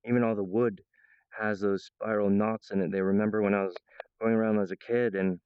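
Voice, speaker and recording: Rambling man, low smooth voice, dull lo-fi audio, laughs mid-sentence. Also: level tone, a little fast, dry recording. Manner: acts out other people's voices in a high pitch. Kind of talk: rambling monologue to viewers.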